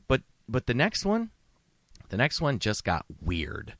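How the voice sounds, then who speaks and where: A man's voice: mid-range voice, huge pitch swings, unhurried, fairly bright tone, dry recording. A man hosting a comedy podcast, ranting sarcastically with heavy profanity and mock outrage. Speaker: podcast host. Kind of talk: comedic rant.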